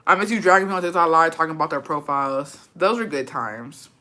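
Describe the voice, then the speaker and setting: Young woman streamer, crisp bright tone, cussing, gossipy, slips into spanish. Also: medium pitch, fast, few pauses. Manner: profane, gossipy, mixes in Spanish words. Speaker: livestream host. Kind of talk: casual livestream chat reading comments.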